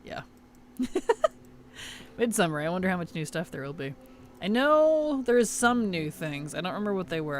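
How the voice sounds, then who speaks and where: A man streaming a video game, chatting casually in an offhand, mumbly way and letting his sentences trail off. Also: on the high side. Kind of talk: casual gaming chat.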